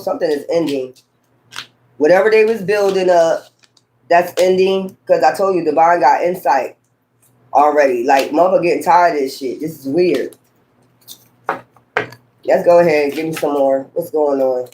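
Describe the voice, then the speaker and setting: A woman's voice: lowish voice, a little mellow, a little hiss or hum. A woman giving a casual tarot reading in a blunt, profane, scolding way, full of rambling sassy asides. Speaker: tarot reader.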